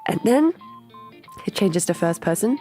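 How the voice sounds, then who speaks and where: Animated young woman retelling a story. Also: medium pitch, unhurried, soft background music. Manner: animated, trails off and repeats "and then". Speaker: streamer. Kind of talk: casual retelling of a music video story.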